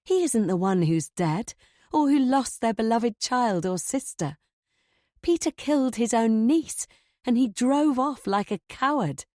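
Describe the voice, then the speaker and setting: A woman reading a first-person thriller audiobook in a measured, tense way. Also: fairly high pitch, lively intonation, warm tone, no room sound, studio quality. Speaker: audiobook narrator.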